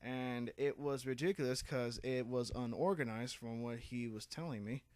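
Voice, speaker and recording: A young man co-hosting a podcast in casual chat, relaxed and agreeable, swearing now and then. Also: mid-range voice, moderate pace, no echo. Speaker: podcast co-host.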